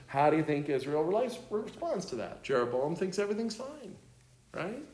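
A man's voice: a little high, expressive, normal speed, darkish tone. A man explaining scripture to a group in a conversational way, asking them rhetorical questions. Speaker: Bible teacher. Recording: roomy echo.

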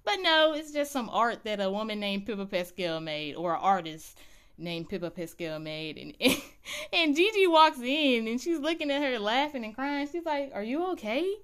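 Animated woman recapping a show for viewers; smooth, resonant tone. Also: on the high side, normal speed. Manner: animated, chatty storytelling. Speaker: TV recap vlogger. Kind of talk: casual episode recap.

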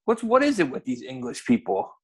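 A man from the United States in casual, profane, animated chat as a podcast co-host. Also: medium pitch, brisk, breathy edge.

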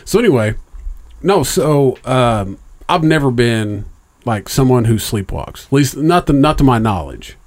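A middle-aged man tells a long story in casual, profane conversation, his medium-pitched, slightly mellow voice expressive and a little slow. He rambles with many fillers and restarts, and raises his voice when quoting other people.

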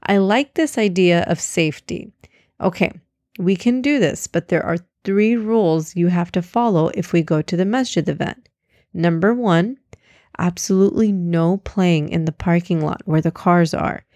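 Uma mulher fazendo uma mãe firme e carinhosa. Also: female voice, lowish voice, moderate pace, a little mellow, no room sound, natural voice. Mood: firm. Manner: firm, instructive, listing rules. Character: careful, loving mother of two.

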